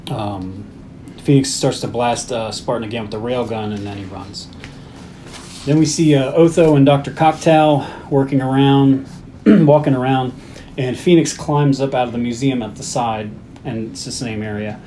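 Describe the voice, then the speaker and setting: Podcast co-host, male, mid-pitched, relaxed plot recap over faint noise. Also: normal speed. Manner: plot-summarizing with fillers. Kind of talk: casual movie recap.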